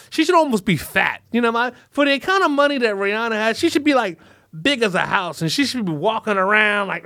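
A man's voice: sits high, big pitch swings, a little fast, sharp tone, no echo, studio quality. A man hosting a podcast, rambling through crude, mock-dramatic jokes. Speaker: podcast host. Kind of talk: comedic podcast chat.

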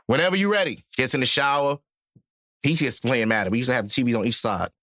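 A young man from Brooklyn, hosting a podcast and telling stories in a loose, profane, animated way. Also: mid-range voice, quick pace, dry recording, studio quality. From Brooklyn, New York. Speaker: podcast host. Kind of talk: casual chat, storytelling.

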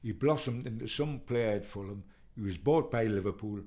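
An older man, telling rambling, animated football stories and mimicking the people he quotes. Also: on the low side, normal speed. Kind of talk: anecdotal storytelling.

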